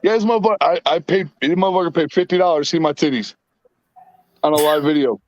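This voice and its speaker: High-voiced man hosting a casual podcast. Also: fast talker, a little mellow, no echo, lo-fi sound. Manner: storytelling, swears freely. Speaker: podcast host. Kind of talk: casual profane banter.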